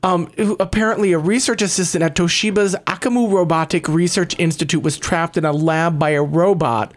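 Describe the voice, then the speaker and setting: A man's voice: on the high side, steady tone, a little fast. A man co-hosting a casual talk show, asking questions and reading out stories. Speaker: podcast co-host. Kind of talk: casual chat.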